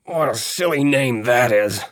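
A man voicing a curt, irritable old man who is hurt and in pain, speaking in a gruff, terse way. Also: medium pitch, expressive, a little slow, no room sound, studio quality, close to an everyday voice. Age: older.

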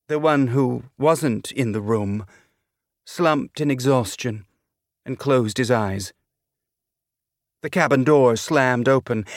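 A man reading a novel aloud as an audiobook narrator, with a measured, deliberate delivery. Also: medium pitch, no echo, clean studio sound. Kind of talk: scripted narration.

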